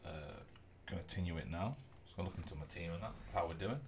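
This fast-talking man has a low-sitting voice and drifts through easygoing commentary on a rugby video game he's streaming, humming to himself. Slight background noise is audible.

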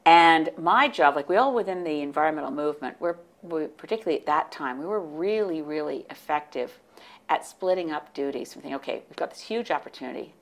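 A woman in her sixties, originally from the United States, telling lively anecdotes as an interview guest, often restarting her sentences. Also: low voice, a little fast. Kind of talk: casual interview storytelling.

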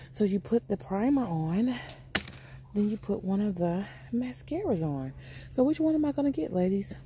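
A woman's voice: on the low side, dark tone, a little hiss or hum. A woman chatting casually to her viewers while she shops in a store, calling them y'all and honey. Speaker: vlogger. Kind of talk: casual shopping vlog. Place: inside a store.

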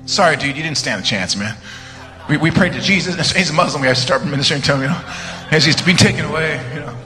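A man preaching a live church sermon, telling stories with joking asides and sudden shouted commands. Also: fairly high pitch, quick pace. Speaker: guest preacher. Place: church sanctuary. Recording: live church sermon, reverberant hall, music underneath.

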